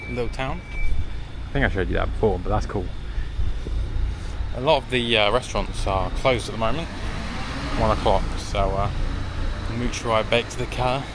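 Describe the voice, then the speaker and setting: Against a noisy background, a young man vlogs his walk around hilltop villages in a mid-range voice. This casual travel narration rambles along, peppered with jokes.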